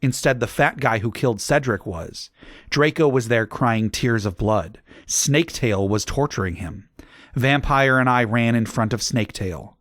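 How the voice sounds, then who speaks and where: A man narrating a comedic audiobook in a deadpan manner, with dry asides. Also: medium pitch, moderate pace, dry recording.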